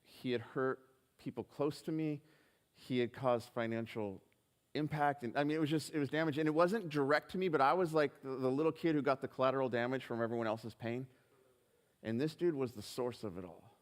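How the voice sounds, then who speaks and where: A man's voice: medium pitch, a little fast. A man preaching a sermon, telling a personal story earnestly and acting out the dialogue with hesitant restarts. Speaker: pastor. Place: church hall. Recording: live stream in reverberant hall.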